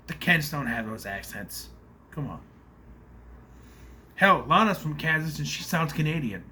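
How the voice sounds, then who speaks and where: A man's voice: on the high side, lively intonation, moderate pace, long pauses, sharp tone, slight background noise. A man giving a casual, rambling spoiler review of a movie, nitpicking in an exasperated way with plenty of fillers.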